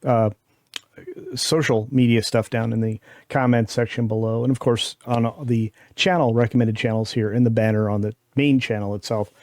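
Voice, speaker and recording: A man hosting a casual panel chat, earnest and halting, often restarting his sentences. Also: medium pitch, fairly even intonation, darkish tone, no echo, clean studio sound. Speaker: host.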